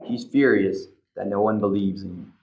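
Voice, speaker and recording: A man reading a picture book aloud to children as a librarian, animated, pointing out the pictures and asking questions. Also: fairly low pitch, normal speed. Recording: slightly dull lo-fi recording.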